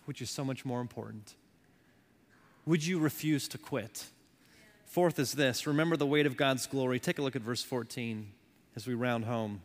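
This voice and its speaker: A man in his thirties preaching a sermon as a pastor, with impassioned delivery that rises loud and falls soft. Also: mid-range voice, moderate pace. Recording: long hall reverb.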